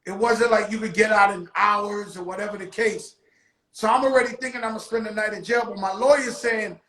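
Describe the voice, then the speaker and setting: A man telling a story on his show in casual street talk, loudly acting out the quotes. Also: sits high, brisk, reverberant, low-quality recording. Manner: animated, acts out quotes loudly. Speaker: show host.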